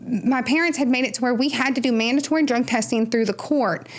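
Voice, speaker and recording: A woman's voice: on the high side, a little fast. A woman guest on a podcast, telling her personal story casually and loosely, full of "like" and "right?". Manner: rambling storytelling with frequent "like" and "right?". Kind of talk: personal testimony in casual conversation.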